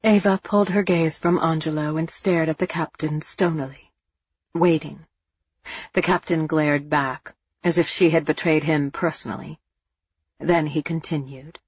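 A woman narrating a novel in an even, measured storytelling manner. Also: sits low, husky, no echo, highs cut off. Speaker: audiobook narrator. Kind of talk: scripted narration.

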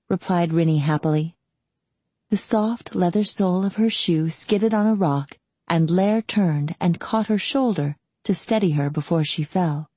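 A woman narrating an audiobook in a calm, steady storytelling manner. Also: lowish voice, measured pace, slightly rough, no echo. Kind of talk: scripted narration.

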